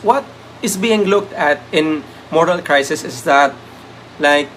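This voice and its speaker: A man's voice: a little high, fairly bright tone, a little hiss or hum. A man with a Filipino accent leads a live exam review, switching between English and Tagalog, with many "um" fillers, and thanks viewers by name. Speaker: review lecturer.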